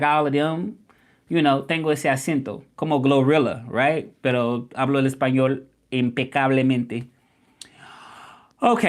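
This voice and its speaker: Animated young man with a Memphis drawl. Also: on the high side. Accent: Southern US (Memphis). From Memphis, Tennessee, US. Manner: animated, indignant at doubters, drawling. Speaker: livestream host. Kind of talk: casual livestream chat reading comments.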